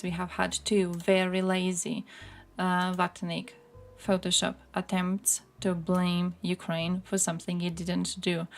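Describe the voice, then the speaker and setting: A woman's voice: lowish voice, vocal fry. A woman streaming from home, giving casual, heated commentary full of swearing and short laughs. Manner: angry, profane, laughing asides.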